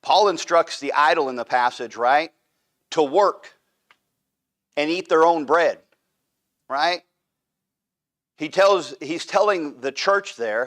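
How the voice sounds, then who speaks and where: Guy teaching sunday bible class, pushy and emphatic, kinda high voice, lots of "right?". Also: moderate pace, pauses often, a bit bright. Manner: emphatic, repeats points with "right?". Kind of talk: church teaching. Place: church room.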